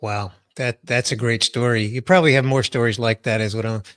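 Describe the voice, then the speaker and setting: A man's voice: medium pitch, steady tone, brisk, fairly bright tone, dry recording, clean studio sound. A man hosting a podcast interview, asking probing questions in an encouraging, conversational way. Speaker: podcast host.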